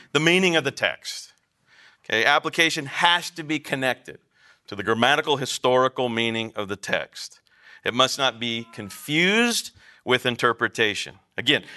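A man's voice: mid-range voice, pushed and bright. A man teaching a class on biblical counseling, lecturing in an emphatic, conversational way and asking the room questions.

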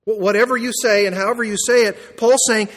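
Male pastor, high voice, emphatic sermon delivery, long echo from a church hall. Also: fast talker. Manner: emphatic, rising to excited peaks then dropping quiet. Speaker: preacher.

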